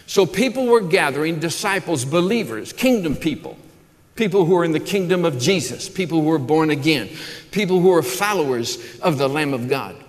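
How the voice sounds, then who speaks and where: A man's voice: a little high, animated, moderate pace. A man preaching a sermon as pastor, earnest, often restarting and repeating words as he builds lists. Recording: long hall reverb.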